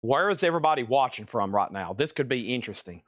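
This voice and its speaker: A man's voice: medium pitch, animated, fast, fairly bright tone, no echo. A man hosting a live sale stream, rambling and talking to himself as he works, a bit out of breath. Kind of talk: casual live-stream chat.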